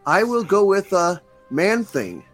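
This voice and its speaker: A man's voice: high-pitched, big pitch swings, slow, over music. A man answering trivia questions as a guest, rambling into jokes. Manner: jokey, rambling. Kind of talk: casual quiz answers.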